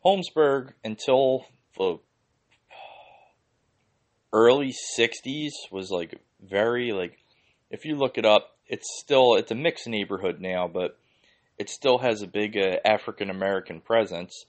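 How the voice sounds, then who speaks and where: A man's voice: lowish voice, measured pace. A man from Philadelphia hosting a podcast, ranting casually and heatedly with lots of swearing and "like" fillers. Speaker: podcast host.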